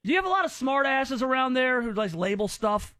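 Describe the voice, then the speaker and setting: A man's voice: extremely high pitch, big pitch swings, a little fast, bright, forceful tone, dry recording. A man hosting a radio show, teasing callers in casual, rambling banter.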